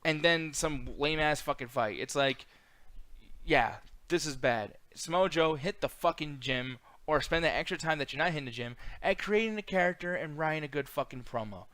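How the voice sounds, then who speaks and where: A man's voice: fairly high pitch, moderate pace, pushed and bright, dry recording. A man co-hosting a casual wrestling chat, ranting profanely and dropping into mocking impressions. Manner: profane, rant-driven, drops into mocking impressions. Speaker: co-host.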